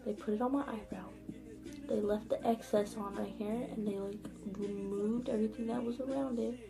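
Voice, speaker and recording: A woman's voice: medium pitch, fairly even intonation, normal speed, vocal fry, rough recording. A young woman telling a casual storytime in her vlog, rambling with constant fillers and frequent swearing. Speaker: vlogger. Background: background music.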